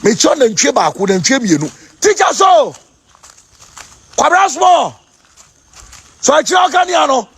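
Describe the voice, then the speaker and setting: A man with a Ghanaian accent, preaching in an excited chanting call-and-response style, repeating his phrases over and over. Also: extremely high pitch, measured pace, long pauses. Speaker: self-styled spiritual leader.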